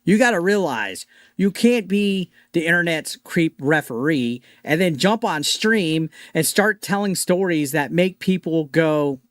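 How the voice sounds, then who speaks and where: A man's voice: a little high, lively intonation, a little slow, a bit bright, no echo, studio quality. A man delivering a sarcastic, mocking commentary rant with swearing.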